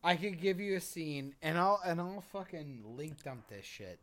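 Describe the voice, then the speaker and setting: A man co-hosting a casual podcast chat, emphatic and excitable, swearing freely and bumping the desk mic. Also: fairly high pitch, normal speed. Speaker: podcast co-host. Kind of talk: casual pop-culture chat. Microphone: desk mic, bumped while he hits the desk.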